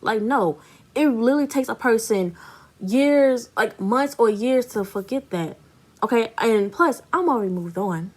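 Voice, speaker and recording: A woman rants through a storytime vlog in a mid-range voice. Her delivery is indignant and emphatic, and she hammers on each point as she tells it. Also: mid-range voice. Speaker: vlogger.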